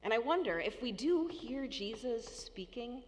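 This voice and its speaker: A woman pastor delivers a sermon at a slow, deliberate pace. Her voice carries a long church reverb. The sanctuary rings behind her words. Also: fairly high pitch, animated, slight background noise. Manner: slow, deliberate preaching with acted-out tones.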